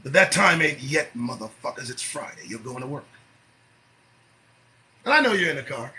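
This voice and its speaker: A man hosting an early-morning commentary show, preaching and swearing as he swings from shouting to low muttering. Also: sing-song, moderate pace, long pauses, rough recording.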